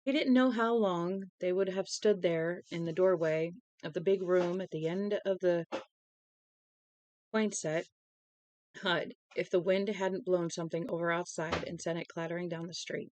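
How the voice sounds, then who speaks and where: A woman's voice: fairly low pitch, steady tone, a little slow, a little mellow, no room sound, rough recording. A young woman reading a novel aloud to a live-stream audience, tired and yawning, chatty, with casual asides between passages. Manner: chatty, breaks off reading to talk to chat.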